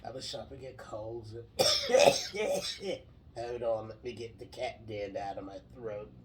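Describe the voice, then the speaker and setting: A gravelly, chain-smoking older Jersey woman, put on by a man spits threats and calls everyone honey. Her raspy voice sounds worn down by cigarettes, and she is brash and bossy on the line. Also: lowish voice, big pitch swings, slow pace, far from the mic, poor audio. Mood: gravelly, chatty. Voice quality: raspy, gravelly smoker's rasp.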